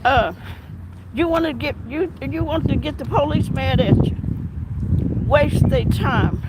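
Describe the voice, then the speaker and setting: A woman with a high voice talks slowly and emphatically, circling back over the same points as she comments. Wind and passing traffic rumble loudly behind her outdoor recording. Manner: rambling, repetitive, emphatic. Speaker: commentary vlogger. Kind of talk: casual commentary.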